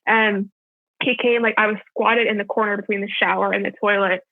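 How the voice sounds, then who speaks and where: A woman's voice: mid-range voice, fairly even intonation, a little fast, dry recording. Chatty young woman on a tinny line. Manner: chatty, full of "like" fillers. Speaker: podcast guest. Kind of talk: casual storytelling. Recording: tinny phone-line audio, dry.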